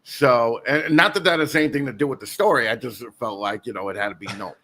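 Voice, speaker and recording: Casual podcast chat from a man guest hosting the show. He talks in a bright, forward voice and tells his story in loose, rambling loops, restarting his sentences and laughing as he goes. His pitch sits in the middle of the male range. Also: fast talker, slight background noise. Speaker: guest host.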